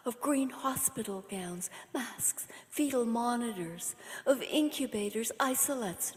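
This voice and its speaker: In a large hall, a woman poet gives a dramatic, intense and rhythmic reading of her own poem through an online reading setup. Her voice is on the high side and unhurried, often dropping to a whisper.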